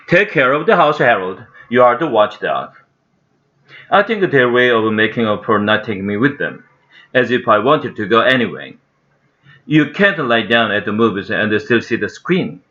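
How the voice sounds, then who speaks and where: A man's voice: medium pitch, bright, forceful tone, highs cut off. A man with a Korean accent reading a children's storybook aloud, careful, with small slips and restarts. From South Korea. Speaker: English learner reading aloud.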